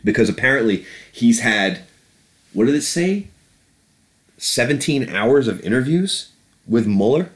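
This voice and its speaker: A man's voice: mid-range voice, very animated, measured pace, pauses often. A man ranting about politics on a podcast, profane and sarcastic. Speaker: podcast host. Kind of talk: casual political rant.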